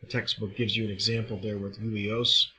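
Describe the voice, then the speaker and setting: A man delivers a recorded lesson in a fairly low yet bright, forward voice. He explains each point step by step at a measured pace. A faint hum of room noise sits under his speech. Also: little pitch movement, poor audio. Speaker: Greek teacher. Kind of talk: recorded classroom lecture.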